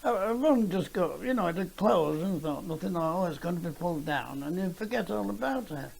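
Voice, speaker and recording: An older woman speaking in a halting, musing way in an oral history interview. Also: fairly low pitch, animated, vocal fry, a little mellow, breathy edge, low-quality recording.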